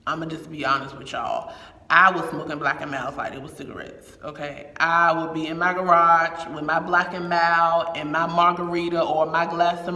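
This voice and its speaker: A man's voice: a little high, pushed and bright, recorded from a distance. A man giving a candid, heartfelt faith reflection in casual talk, repeating phrases for emphasis. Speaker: speaker sharing a faith reflection. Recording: echoey room with long reverb.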